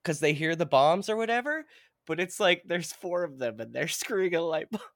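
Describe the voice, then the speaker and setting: A man in casual podcast chat, excitable and jokey, jumping between loud bursts and hushed asides. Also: on the high side, normal speed, no echo, clean studio sound. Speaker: podcast panelist.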